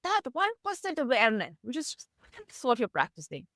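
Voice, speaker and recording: A woman, a meditation teacher, explaining mindfulness through gentle stories in an interview. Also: fairly quick, dry recording, clean studio sound. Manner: gentle storytelling, lively pitch, laughs softly.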